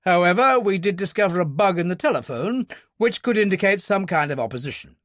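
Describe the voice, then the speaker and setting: A man doing a brisk, unflappable old brigadier. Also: sits high, no room sound, clean studio sound, pitched above the performer's own voice. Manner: calm, clipped, commanding. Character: brisk older British male brigadier, unflappable.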